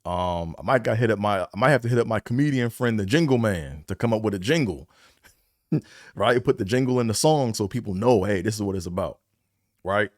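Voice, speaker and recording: Rambling slangy man, low dry voice. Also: expressive, brisk, no room sound. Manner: rambling, repeats himself, talks up and down in bursts; slangy and conversational. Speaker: podcast host. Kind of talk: casual solo podcast talk.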